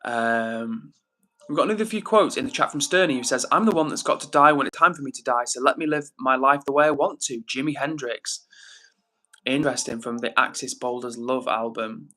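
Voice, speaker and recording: A young man hosts a livestream, chatting casually and reading viewer comments out loud. His medium-pitched voice is brisk, bright and forceful, and his manner stays chatty and upbeat.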